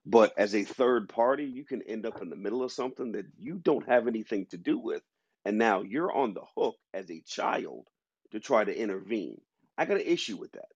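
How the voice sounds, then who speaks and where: Husky, emphatic man arguing his point. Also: fairly low pitch, lively intonation, brisk, no echo. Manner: emphatic, argumentative. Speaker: podcast host. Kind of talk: opinionated discussion. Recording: dull lo-fi sound.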